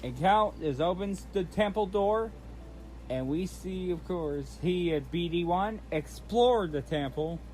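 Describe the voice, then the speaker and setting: A man's voice: high voice, animated, unhurried, a little mellow, a little hiss or hum. A man hosting his channel, recapping in a casual, rambling way, often restarting and repeating himself. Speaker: channel host recapping a trailer.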